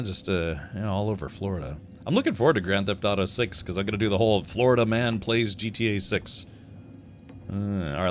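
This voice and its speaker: A man's voice: on the low side, a little hiss or hum. A man streaming a game, chatting with his viewers in a rambling, joking way with frequent chuckles. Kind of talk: casual gameplay commentary.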